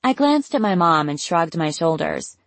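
A woman's voice: on the low side, big pitch swings, moderate pace, no echo. A young woman narrating a novel in the first person, wry and casual, swearing now and then. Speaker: audiobook narrator.

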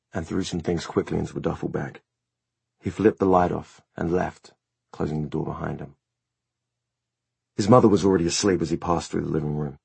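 A man narrating an audiobook in a measured, steady storytelling manner. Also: a bass voice, vocal fry, husky, dry recording. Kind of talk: scripted narration.

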